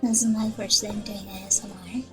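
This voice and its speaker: A young woman streaming her first ASMR session, talking softly and often whispering, nervous and rambling. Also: medium pitch, flat delivery, moderate pace, rough recording. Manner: soft-spoken, often whispering. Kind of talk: casual ASMR stream chat. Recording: music playing behind.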